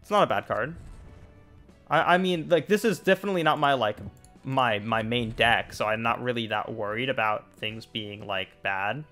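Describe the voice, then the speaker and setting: A young man in mid-pitch chats loosely while streaming a card game. He rambles, restarts his sentences and leans on fillers, with soft game music playing faintly underneath. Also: moderate pace. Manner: rambling, many fillers and restarts, laughs easily. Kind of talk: casual gameplay chat.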